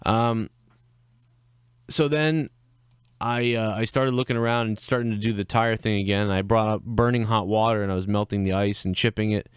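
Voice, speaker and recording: Rambling, foul-mouthed young man with a smooth voice. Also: lowish voice, moderate pace, no room sound, clean studio sound. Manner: profane, rambling, animated when quoting others. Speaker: podcast co-host. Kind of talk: casual chat, storytelling.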